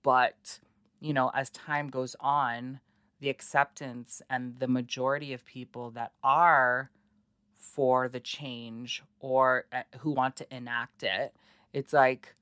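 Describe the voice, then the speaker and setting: Low-voiced chatty woman telling a story. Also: takes it slowly, no room sound, clean studio sound. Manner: animated, heavy use of "like" and quoted voices. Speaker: guest, stage actor. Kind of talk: casual storytelling.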